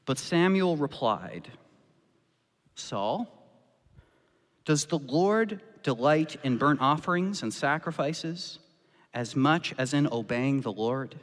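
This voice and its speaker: A man's voice: a little high, animated, slow, long pauses, fairly bright tone. A man preaching a sermon as pastor, impassioned and acting out the voices he quotes. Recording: long reverb of a church hall.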